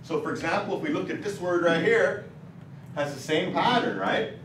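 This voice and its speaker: A male language instructor, high-pitched and a bit bright, moves at a moderate pace as he patiently asks his students questions about vowels and word patterns. There's slight background noise, and the mic sits far off in a roomy classroom.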